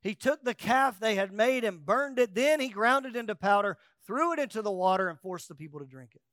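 A male pastor preaching a sermon, rising to loud emphatic peaks and dropping to quiet asides, acting out quoted voices with humor. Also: sits high, animated, brisk, no echo, studio quality.

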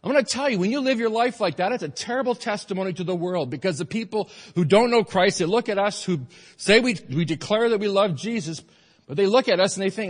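A man's voice: high voice, animated, fairly quick. Emphatic male pastor preaching in a hall. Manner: earnest, emphatic preaching with repeated phrases. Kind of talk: sermon. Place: church sanctuary.

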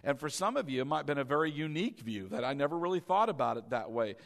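A man's voice: fairly high pitch, expressive, quick pace, gravelly. A male pastor preaching a sermon, leading the congregation to repeat a prayer and answer back. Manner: leads congregation in call-and-response prayer. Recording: long church hall reverb.

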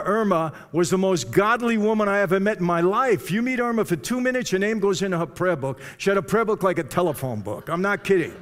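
An older man recounting his life story to a live audience, his voice sitting a little above the usual male range. He talks in a loose, conversational way and keeps turning to the crowd with direct asides. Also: a little high. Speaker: speaker giving a personal testimony.

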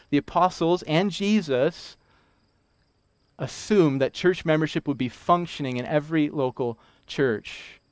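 A man preaching a sermon, emphatic, repeating key lines slowly for weight. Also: a little high, darkish tone, smooth, dry recording. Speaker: pastor.

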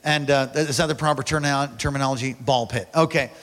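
A man preaching a sermon, telling stories with big animated energy and calling on the congregation to repeat after him. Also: medium pitch, fast talker, big-room sound. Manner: animated storytelling, shouting at peaks; calls on the congregation to respond. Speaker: pastor.

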